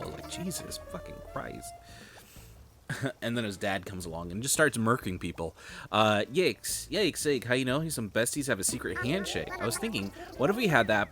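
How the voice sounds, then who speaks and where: A young man streaming a game, rambling in casual commentary and swearing freely. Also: on the low side. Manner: rambling, swears freely, laughs at his own jokes. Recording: game music playing behind.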